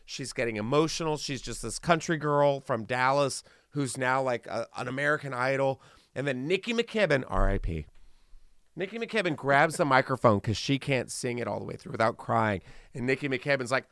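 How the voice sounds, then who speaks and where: Podcast host, man, lively storyteller, smooth clear voice, dry close sound. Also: mid-range voice, normal speed, no room sound. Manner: animated storytelling with playful asides. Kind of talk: casual chat.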